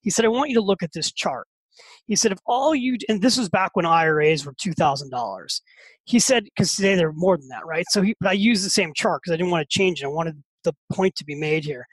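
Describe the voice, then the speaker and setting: Fifties guy guesting on a podcast, high voice, tumbles over his words when hes excited. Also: fairly quick, slightly rough, dry recording, poor audio. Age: 50s. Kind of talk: casual storytelling.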